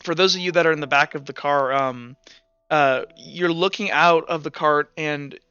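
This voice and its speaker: Rambling bright-voiced game master man. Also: fairly high pitch, normal speed, smooth, no room sound, muffled recording, soft background music. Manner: rambling, many fillers and restarts. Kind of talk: narrating a tabletop game.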